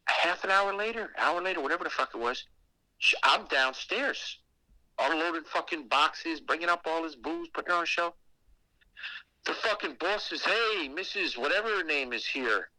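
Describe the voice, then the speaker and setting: A man telling a creepy personal story on a podcast in a casual, animated way, swearing often. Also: a little high, normal speed, no room sound, rough recording. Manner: animated and heavily profane, with acted asides. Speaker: guest telling a ghost story.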